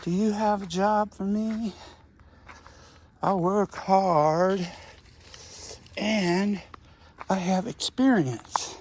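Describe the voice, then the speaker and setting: A man's voice: high voice, extremely slow, pauses often, a little mellow, a little hiss or hum, voice pushed up. A man voicing an eager, polite young boy who asks for a job and boasts of his experience.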